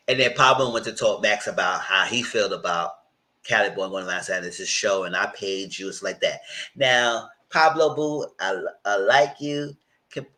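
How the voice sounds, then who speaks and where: A man's voice: pushed and bright, poor audio. A man in casual recap commentary on a reality show, chatty and conversational, speaking. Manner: chatty and conversational, breaks into high mock voices when quoting.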